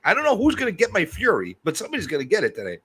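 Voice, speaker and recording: A man's voice: high voice, huge pitch swings, very fast, fairly bright tone. A man hosting a livestream who rants in a heated, profane way and keeps repeating himself while he builds his point. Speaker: livestream host.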